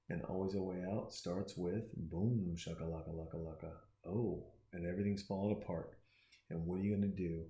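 Man, deep and mellow, excitable profane monologue, roomy echo. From Austin, Texas. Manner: profane, preachy and excitable, with frequent restarts. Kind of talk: casual rambling monologue while watching a movie.

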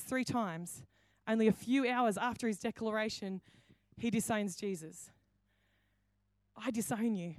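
A woman's voice: mid-range voice, a little slow, no echo. A woman pastor preaching a sermon, telling the story with acted-out quotes and many restarts. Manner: storytelling, acts out quoted lines, frequent restarts.

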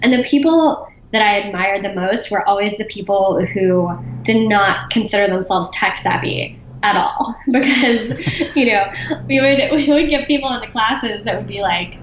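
A woman being interviewed as a business founder, chatty and quick to laugh, with frequent restarts. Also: medium pitch, roomy sound, highs cut off, a little hiss or hum. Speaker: podcast guest, business founder. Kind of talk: casual interview talk.

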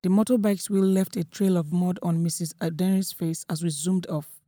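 A young woman with a Nigerian accent telling a first-person story in a steady, matter-of-fact way. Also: lowish voice, moderate pace, no room sound, studio quality. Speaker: narrator.

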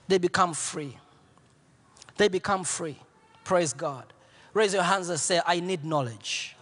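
A man preaching as pastor, telling a story with repeated lines and swinging from hushed near-whispers to shouts. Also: high-pitched, big-room sound. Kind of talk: sermon.

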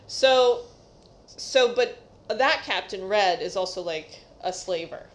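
A woman's voice: medium pitch, lively intonation, takes it slowly. A woman co-hosting a casual podcast, summarizing a novel's plot in an enthusiastic, chatty way. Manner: enthusiastic, chatty, many fillers like "like". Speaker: podcast co-host. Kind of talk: casual book discussion.

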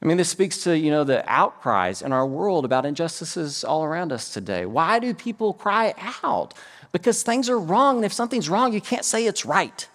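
A man's voice: on the high side, moderate pace, long reverb tail. A middle-aged man from the United States preaching a sermon, telling stories and acting out quotes as he goes. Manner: storytelling preacher, animated with acted-out quotes. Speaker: pastor.

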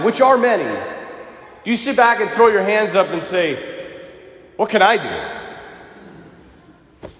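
A man preaching as a Catholic priest, telling stories and acting out the quotes. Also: a little high. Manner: animated storytelling with acted quotes. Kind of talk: sermon. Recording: echoey church hall.

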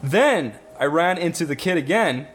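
A man's voice: on the high side, lively intonation, normal speed, soft background music. A young man telling a long story in casual chat, rambling, swearing a lot and acting out what people said.

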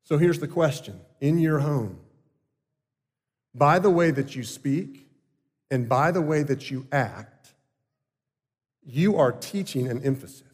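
A man preaching a sermon as a pastor, earnest and emphatic, with deliberate pauses. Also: fairly high pitch, lively intonation. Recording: long hall reverb.

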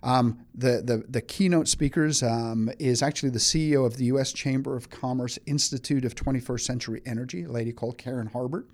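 Middle-aged radio guest, talkative, casual, plain mid voice. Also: male voice, mid-range voice, steady tone, brisk, hardly any pauses, darkish tone. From England. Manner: chatty, many restarts, laughs easily. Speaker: economic development chief, studio guest.

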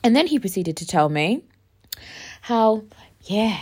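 A young woman hosting a podcast, telling a story in a chatty, expressive way, swearing freely and repeating herself for emphasis. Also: medium pitch, measured pace, slightly rough. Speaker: podcast host. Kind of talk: casual storytelling monologue.

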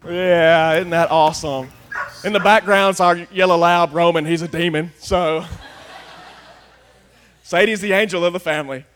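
A man delivers a sermon in a notably high voice. He talks folksy and plain, dropping to quiet confiding asides and then rising to loud, emphatic declarations. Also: fairly even intonation, a little slow, a little hiss or hum. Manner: folksy, swings from hushed to shouting. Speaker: pastor.

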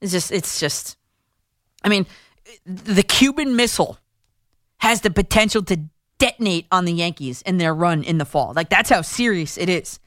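A woman's voice: lowish voice, fairly bright tone, no echo, clean studio sound. Emphatic woman hosting sports radio. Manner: quick, emphatic opinions with many restarts. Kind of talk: call-in sports talk radio. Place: radio studio.

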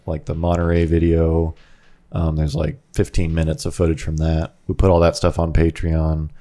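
A man's voice: low voice, a little mellow. A man co-hosting a podcast in front of a live audience, in easygoing casual chat, laughing often and padding his talk with fillers. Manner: laid-back, laughs often, trails off with fillers. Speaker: podcast co-host.

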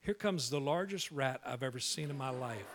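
A male pastor telling a humorous story in a sermon, animated and full of quick restarts. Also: medium pitch, noisy background.

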